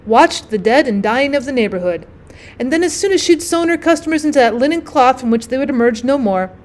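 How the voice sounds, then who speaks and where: A woman teacher giving a measured, clear scripted narration of a short story. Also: high voice.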